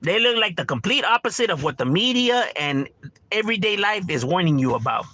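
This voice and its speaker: A man's voice: high voice, very animated, fairly quick, bright, forceful tone, no room sound. A man from Los Angeles hosting a livestream, chatting casually with strangers in a laid-back, slangy, profane way, dropping Spanish words and laughing often.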